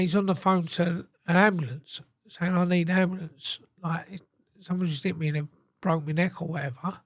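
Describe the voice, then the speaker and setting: A man's voice: high voice, dry recording, clean studio sound. A man, a guest telling a story in a casual, blunt way, swearing freely and acting out what others said. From England. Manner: blunt, sweary, acts out quoted dialogue.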